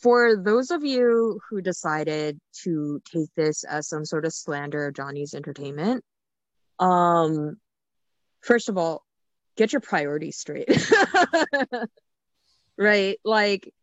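A woman co-hosting a casual chat, frank and animated, with many "like" fillers. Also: lowish voice, slow pace, pauses often, no echo, dull audio. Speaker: podcast co-host.

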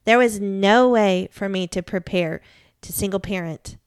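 A woman's voice: medium pitch, unhurried, clean tone, no room sound, clean studio sound. A woman in her forties, a widowed mother, giving a candid, earnest faith talk with rueful laughs. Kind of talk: personal testimony talk.

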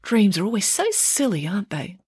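A woman's voice: mid-range voice, sing-song, fairly quick, darkish tone, slightly rough, no echo, studio quality, voice pushed up. A woman voicing a dreamy, sleepy schoolgirl in a storybook reading, chatting in an airy way.

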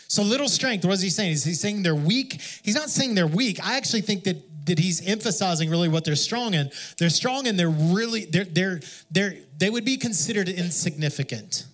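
Chatty man preaching, slightly high voice. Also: animated, a little fast, fairly bright tone. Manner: conversational, self-deprecating storytelling with frequent restarts. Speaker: pastor. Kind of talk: sermon.

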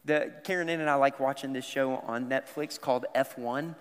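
A man's voice: medium pitch, normal speed, clear, resonant tone. A male pastor from the American South preaching conversationally and talking directly to his congregation. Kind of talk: sermon. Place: large church sanctuary. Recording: long reverb of a church hall.

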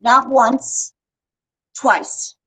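A woman's voice: high voice, steady tone, drawn-out words, a bit bright, husky. A woman in her eighties, a veteran actress, chatting as an interview guest and telling stories with frequent restarts. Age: 80s. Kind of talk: casual interview chat.

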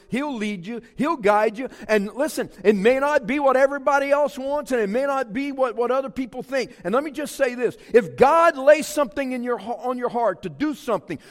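Fifties pastor man preaching hard, voice swoops up and down, big echoey hall. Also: high voice. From South Louisiana. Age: 50s. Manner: emphatic preaching with rising repeated phrases. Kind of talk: sermon.

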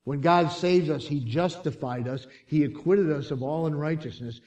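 A man preaching a sermon, telling the story dramatically and swinging from hushed lines to shouts. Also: on the high side, normal speed, distant mic.

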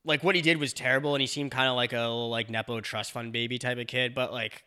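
Rambling crude man, bright voice. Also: mid-range voice, steady tone, quick pace, smooth. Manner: rambling, crude, lots of fillers and restarts. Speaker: podcast co-host. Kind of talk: casual chat.

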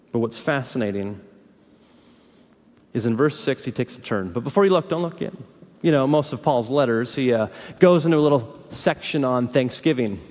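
Male pastor, high voice, dramatic sermon delivery, church hall reverb. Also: animated, moderate pace. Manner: dramatic swings between hushed lows and fiery peaks.

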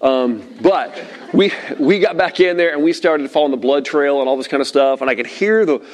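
Middle-aged male pastor, slightly high voice, lively storyteller sermon to a seated crowd. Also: a little fast. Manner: animated storyteller, acts out shouted quotes. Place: room with tables of listeners.

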